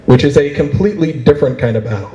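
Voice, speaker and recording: A man performing a stand-up comedy routine for a live convention audience, with a playful, animated delivery. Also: mid-range voice, fast, dull audio, very noisy. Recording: roomy echo of a convention hall.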